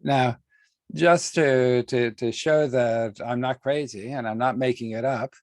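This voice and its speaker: A man teaching an online class on a video call, deliberate, often repeating and restarting words and stressing key terms slowly. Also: medium pitch, fairly even intonation, dry recording. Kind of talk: online lecture with screen sharing.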